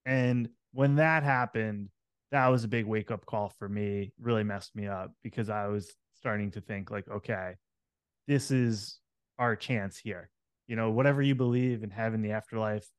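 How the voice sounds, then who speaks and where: A man's voice: on the low side, no room sound, clean studio sound. A man hosting a podcast, telling a personal story in a candid, reflective way with frequent fillers. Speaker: podcast host.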